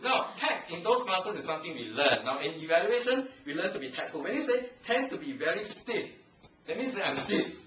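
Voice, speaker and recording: His voice sits high, pushed and bright, with big pitch swings and a slightly fast delivery. The speaker is a Singaporean man using Singaporean English for a teasing, humorous language evaluation at a club meeting, often breaking into laughter. A handheld camcorder far across an echoey meeting room records him before a live audience, with lots of noise.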